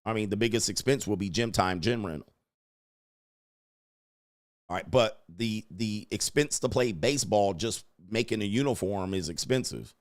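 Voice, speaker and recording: A man's voice: fairly low pitch, moderate pace, no room sound, studio quality. A man in his forties hosting a casual commentary monologue, riffing in crude slang and laughing often. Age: 40s. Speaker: host.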